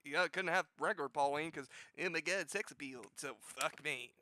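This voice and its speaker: A man's voice: a little high, normal speed, few pauses, a little hiss or hum, poor audio. Profane, sarcastic man ranting about games. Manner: profane, sarcastic, swings from loud outbursts to muttering. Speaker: gaming news host. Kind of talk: ranting casual commentary.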